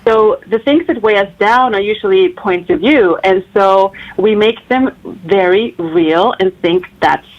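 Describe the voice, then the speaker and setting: A woman's voice: mid-range voice, a little slow, few pauses, lo-fi sound. An Austrian woman speaking English with a German accent, a psychologist being interviewed by phone who sounds upbeat and laughs often. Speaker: psychologist guest. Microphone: phone line.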